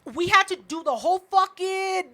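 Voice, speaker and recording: A woman's voice: very high voice, moderate pace, sharp tone. A woman co-hosting a podcast, telling a story in casual chat, emphatic, heated and full of swearing. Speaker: podcast co-host.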